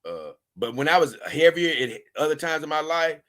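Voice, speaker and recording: A man's voice: a little high, very animated, moderate pace, a bit bright. A man hosting a casual livestream, reading viewer comments and rambling on in loose, with chuckling asides. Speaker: livestream host.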